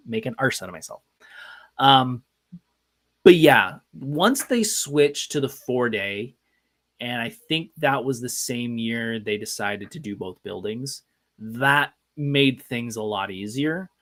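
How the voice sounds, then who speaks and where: A man's voice: medium pitch, lively intonation, a little slow, fairly bright tone. Guy hosting a podcast, just chatting, telling stories, pokes fun at himself, regular mid-range voice. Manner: chatty, anecdotal, self-deprecating. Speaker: podcast host. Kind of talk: casual live podcast storytelling.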